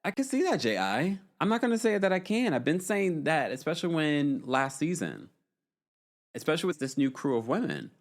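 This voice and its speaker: A man's voice: a little high, sing-song, a little fast. A man hosting a casual recap podcast, chatty and opinionated, reading comments from a live chat and often breaking into laughter. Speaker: podcast host.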